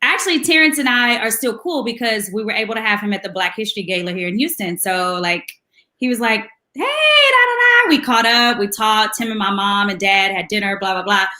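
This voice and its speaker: A woman guest telling lively anecdotes in a casual chat, laughing often and mimicking voices. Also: medium pitch, a little fast, reverberant. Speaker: guest musician.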